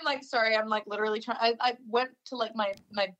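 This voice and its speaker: A woman musician guest in a casual interview over a video call, talking warmly with many fillers and restarts. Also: a little high, steady tone, fast, dull audio.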